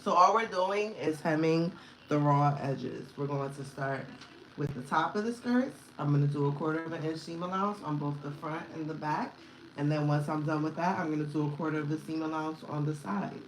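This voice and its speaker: Low-voiced woman teaching sewing live. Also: brisk, echoey room, rough recording. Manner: casual, chatty step-by-step instruction to viewers; talks loudly over the work. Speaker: sewing tutorial host. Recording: noticeable background noise.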